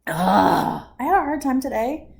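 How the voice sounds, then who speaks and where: A woman vlogging at home, telling an indignant story in a casual, animated way while doing her hair, often laughing. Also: a little high, moderate pace. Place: at home after a shower. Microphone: camera at close range.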